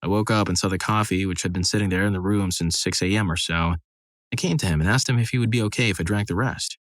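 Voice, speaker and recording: A man with a fairly low voice reads one short story after another in a steady, even narration. The sound is close and dry, with no room around it. He keeps a scripted storytelling pace throughout. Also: quick pace, no echo. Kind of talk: scripted narration of reader stories.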